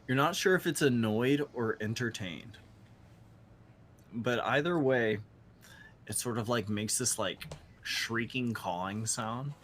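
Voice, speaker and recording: A man narrating as game master of a tabletop game, animated and questioning. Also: mid-range voice, slow pace, long pauses, slight background noise.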